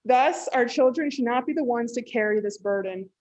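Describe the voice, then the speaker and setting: A woman's voice: a little high, normal speed, darkish tone. Earnest mother pleading at a board meeting. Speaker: parent speaking at public comment. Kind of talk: prepared public statement. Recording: dull lo-fi meeting audio.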